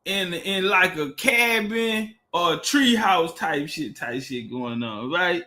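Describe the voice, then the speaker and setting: Livestream guy, high bright voice, loose and profane, keeps repeating words. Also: animated, slow, hardly any pauses. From Texas. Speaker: livestream host. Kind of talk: casual livestream talk.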